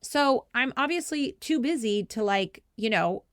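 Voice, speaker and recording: This podcast host, a woman in her thirties, keeps a measured pace, and the studio-quality recording has no room sound. Her storytelling is casual and lively, full of "like" fillers, frequent laughter, and quoted lines delivered in a higher pitch.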